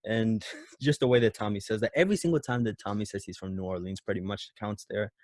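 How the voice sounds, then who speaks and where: A man's voice: fairly low pitch, fast, darkish tone, dry recording, studio quality. A man co-hosting a casual movie podcast who laughs often and acts out quotes in shifting voices. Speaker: podcast co-host.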